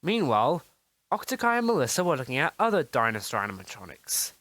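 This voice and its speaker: A storyteller narrating a homemade kids' superhero story, hurried with stumbling restarts. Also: female voice, rumbling low, very animated, a bit bright, no echo.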